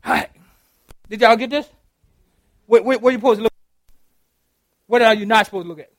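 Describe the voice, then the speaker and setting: High-voiced, animated preacher man. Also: fairly quick, no room sound, clean studio sound. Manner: animated, laughing, calls out to the congregation. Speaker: pastor. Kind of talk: interactive sermon. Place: church.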